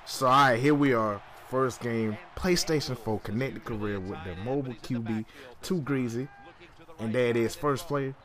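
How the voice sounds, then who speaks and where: Man, gaming commentary, casual play-by-play, slangy, hyped, sudden high-pitched yelps, mid-pitched voice. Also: moderate pace, crowd noise. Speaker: gaming YouTuber.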